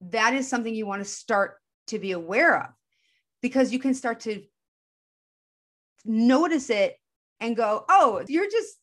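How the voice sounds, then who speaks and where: With a voice on the high side, a woman speaks earnestly yet casually about spiritual self-help, frequently voicing the thoughts in her head through rapid shifts in tone.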